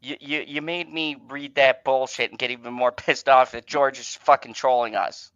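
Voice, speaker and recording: Man, podcast host, excitable, swearing, stammers, bright forceful voice, dull lo-fi mic. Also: medium pitch, moderate pace, clear, resonant tone, no room sound. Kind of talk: casual podcast chat.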